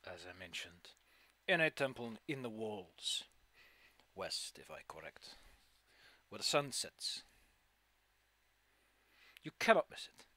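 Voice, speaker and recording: A man voicing an aloof, cryptic quest-giver who talks in a slow, mysterious and dismissive way. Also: lowish voice, big pitch swings, pushed and bright, voice pushed down, exaggerated voice.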